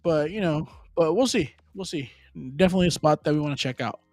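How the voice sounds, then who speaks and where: A man's voice: on the high side, quick pace, a little mellow, no room sound, faint music behind. A man, chatting casually as a live stream host, rambling loosely with slang and Spanish asides. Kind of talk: casual chat.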